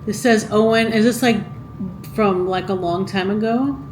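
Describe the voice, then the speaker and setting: A woman's voice: medium pitch, normal speed, echoey room, noisy background. A woman vlogging casually, reading out items from a vintage cookbook and musing aloud with questions to her viewers. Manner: chatty, muses aloud and asks viewers questions. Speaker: cooking vlogger.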